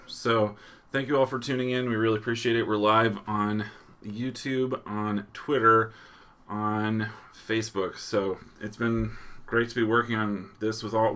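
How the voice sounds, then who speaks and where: A man's voice: fairly low pitch, a bit bright. A man hosting a live news stream, chatting casually and reading out where viewers are watching from. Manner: chuckles often, loose restarts. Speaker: livestream host.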